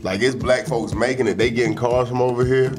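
A man co-hosting a comedy podcast, joking in animated casual chat. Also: medium pitch, a little fast, over music.

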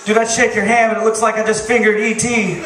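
Male stand-up, high-pitched, deadpan and crude; distant, echoey bar recording. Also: fast, background noise. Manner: deadpan one-liners, profane. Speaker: stand-up comedian. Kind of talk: stand-up comedy set. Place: bar stage with crowd. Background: audience laughter.

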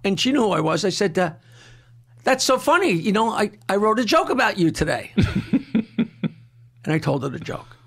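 An older man from Long Island tells a wild story in a boisterous, rolling way and keeps breaking into laughter at his own jokes. His voice sits high for a man and has a gravelly edge. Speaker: comedian guest telling a story. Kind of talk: casual storytelling.

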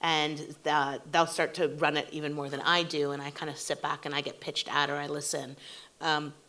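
A woman in her forties, a TV showrunner appearing as a guest in an onstage interview, tells animated stories and acts out what people said. Her voice is low-pitched and moves at a normal speed.

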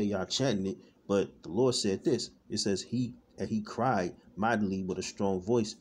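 This man's fairly low, darkish voice runs at a normal speed with few pauses, over slight background noise. As a street-style preacher in an informal online sermon, he talks loosely and repetitively, peppering in "man" and "all right" and stopping to restart as he looks for words.

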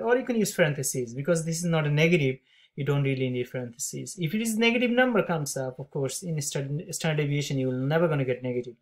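Loud teacher with a classroom voice. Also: mid-range voice. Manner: upbeat, talks steps aloud. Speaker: math teacher. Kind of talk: calculator tutorial walkthrough.

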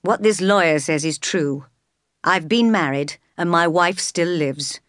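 A woman reading the part of a stern, brooding middle-aged gentleman in a storybook, curt and commanding, in a dry close recording. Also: fairly low pitch, measured pace, no room sound, natural voice. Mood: grim.

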